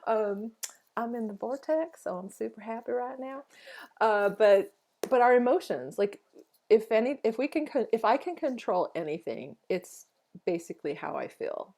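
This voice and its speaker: A woman's voice: fairly high pitch, expressive, normal speed, darkish tone. A woman co-hosting a podcast in casual chat, reflective and chatty, acting out her own inner thoughts as she talks. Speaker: podcast co-host.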